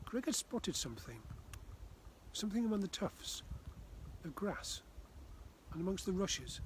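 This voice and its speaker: A man from the Far North of Scotland reading his children's book aloud, gently. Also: high voice, sing-song, a little slow, pauses often, noisy background. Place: outdoors by a frozen loch.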